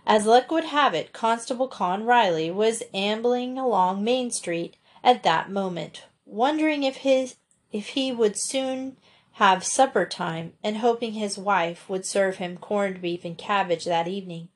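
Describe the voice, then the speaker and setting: A woman's voice: medium pitch, measured pace. Woman narrating a storybook. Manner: steady, expressive reading. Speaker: audiobook narrator.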